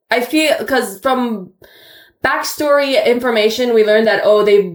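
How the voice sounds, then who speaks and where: A woman's voice: medium pitch, roomy sound. A woman chatting casually and animatedly, retelling what happened with bursts of laughter. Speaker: co-host reacting to a show finale. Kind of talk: casual chat.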